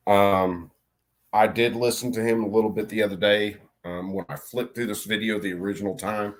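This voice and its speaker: A man's voice: lowish voice, steady tone, moderate pace. A man giving casual, blunt commentary on a video he is watching, rambling with many fillers. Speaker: streamer reacting to a video. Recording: background noise.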